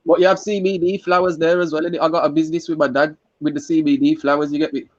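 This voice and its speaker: Young guy, quick slangy talker, dry close sound. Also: on the high side, level tone, no echo, dull audio. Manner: slangy, rambling street talk. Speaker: contestant. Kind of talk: casual chat.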